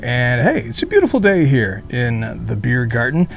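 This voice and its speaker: A man talks his way through a beer review outdoors in a hot beer garden, sweating as he goes. His voice sits at an ordinary middle pitch, and he rambles along with joking asides and fillers in a loose vlog style. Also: wildly swooping pitch, normal speed, gravelly. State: sweating in the heat. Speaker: beer reviewer, channel host.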